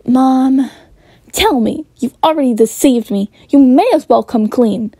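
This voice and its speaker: A woman's voice: high-pitched, unhurried, dark tone, breathy edge, no room sound, heavily acted. Woman doing a fed-up twenty-year-old man. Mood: exasperated. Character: frustrated young man, twenty, fed up with his mother.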